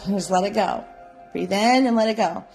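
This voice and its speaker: A woman teaching a live psychic development class, guiding listeners gently and often checking in with "right?". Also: medium pitch, moderate pace, soft background music. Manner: gentle, coaxing, repeats "right?". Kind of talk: guided live class instruction.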